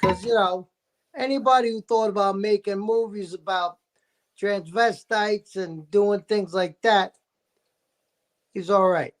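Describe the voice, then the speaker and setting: A man's voice: sits high, fairly even intonation, measured pace, long pauses. A man talking as a guest in a casual chat, telling an enthusiastic story.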